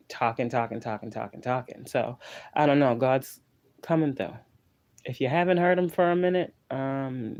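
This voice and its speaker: A man's voice: medium pitch, mellow. A man giving a casual, profane spiritual tarot reading, running through long repeated lists as he talks. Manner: loose, profane and repetitive, with chanted lists. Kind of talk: casual spiritual pep talk.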